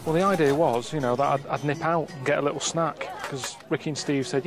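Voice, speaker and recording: A man giving bemused, deadpan commentary while he travels. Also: a little high, brisk. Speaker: travel show presenter. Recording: music under the voice.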